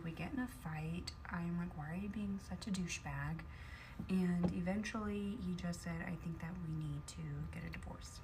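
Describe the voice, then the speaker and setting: A woman calmly recounting a personal story in a matter-of-fact way. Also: on the low side, normal speed, gravelly, background noise. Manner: calm, matter-of-fact retelling.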